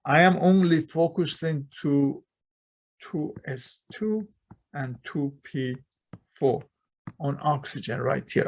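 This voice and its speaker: A man's voice: mid-range voice, vocal fry. A man teaching a chemistry class, constantly quizzing students with rhetorical questions and speaking with non-native grammar. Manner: non-native grammar, dropped plurals and articles. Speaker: chemistry lecturer. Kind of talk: classroom lecture. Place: lecture hall.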